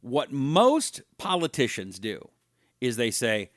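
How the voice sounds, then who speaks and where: A man's voice: mid-range voice, expressive, moderate pace, fairly bright tone, dry recording, clean studio sound. A middle-aged man hosting a live talk show, telling anecdotes in a chatty way and reading viewer comments aloud. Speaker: radio talk show host.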